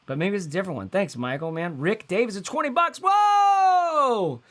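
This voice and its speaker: A man's voice: fairly high pitch, animated, fast talker. A man in his thirties hosting a casual livestream, talking in a loose, rambling way with lots of fillers and slang. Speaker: host.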